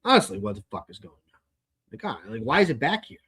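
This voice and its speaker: A podcast host launches into a long, exasperated story on his own show, swearing heavily and repeating words as he goes. His mid-range voice is fast, sing-song and fairly bright, with a breathy edge, in a casual ranting monologue.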